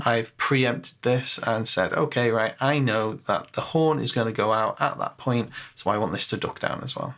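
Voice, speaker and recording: A man's voice: mid-range voice, gravelly, a bit bright. A man giving a casual screen-share tutorial on composing music, chatty and self-mocking, thinking aloud with fillers.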